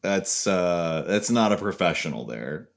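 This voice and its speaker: Young man, casual tutorial host, chatty, jokey, lively pitch. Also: measured pace, vocal fry. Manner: animated, jokey, chatty explaining. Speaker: video creator.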